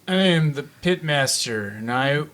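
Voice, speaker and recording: A man voicing a big, beefy pitmaster actor who makes slow, boastful threats. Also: fairly high pitch, expressive, fairly bright tone.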